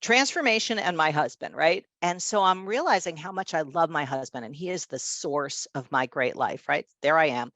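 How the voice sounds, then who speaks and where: A woman's voice: low-pitched, normal speed, few pauses, a bit bright, no room sound. Emphatic woman in her fifties telling a story. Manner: emphatic, conversational, often checks in with "right?" and "you know". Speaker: guest. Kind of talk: personal storytelling in a conversation.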